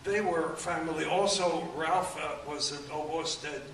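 A man in his eighties telling rambling anecdotes at a book event, halting often with fillers. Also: a little high, fairly bright tone. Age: 80s. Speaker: author and guest. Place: event room. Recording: echoey room, distant mic, faint room noise.

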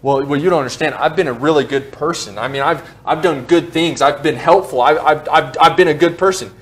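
A man mimicking a smug, defensive longtime churchgoer who stammers out excuses in a lowered voice. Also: brisk, a bit bright, natural voice.

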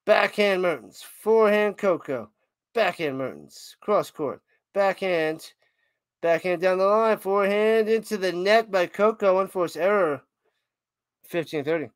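A high-voiced man streams live tennis play-by-play, calling shots and humming tunes between points. He talks slowly and unhurriedly. The sound is dry, with no room around it. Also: clear, resonant tone, dry recording. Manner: excitable, hums and chants between points. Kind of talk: casual live play-by-play commentary.

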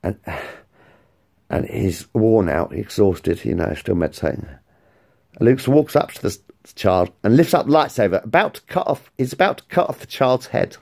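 A man telling a made-up story in a casual, rambling, excitable way, swearing freely. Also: fairly low pitch, moderate pace, vocal fry. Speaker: vlogger.

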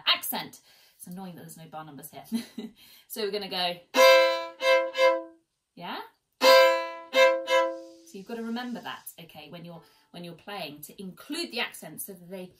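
Encouraging woman teaching violin, bright and clear, light violin underneath. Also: fairly low pitch, rough recording. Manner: encouraging, chatty, counts students in. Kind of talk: online music lesson. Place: at home, seated. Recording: faint violin in background. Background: violin playing.

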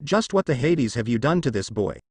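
A man's voice: medium pitch, sing-song, normal speed, darkish tone, slightly rough, no echo. Guy doing an angry sun god dad, growly cold fury, fanfic reading, dead dry mic. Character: wrathful male sun god, proud father.

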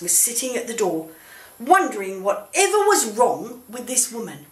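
Gentle woman telling a children's Bible story. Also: on the high side, very animated, moderate pace. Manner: gentle and coaxing, asks the puppet questions. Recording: roomy echo.

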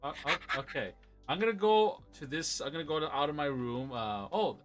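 A man hosting a casual livestream interview from his room, easygoing and halting, with frequent uh-huhs and restarts. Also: fairly high pitch, a bit bright, faint music behind. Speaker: show host. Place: home room.

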